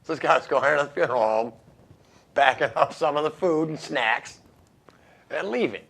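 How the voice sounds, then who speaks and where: A man's voice: on the high side, normal speed, gravelly, fairly bright tone. A man hosting a radio show, reading odd news stories and making wry jokes about them, laughing at his own lines. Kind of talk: casual comedic news commentary.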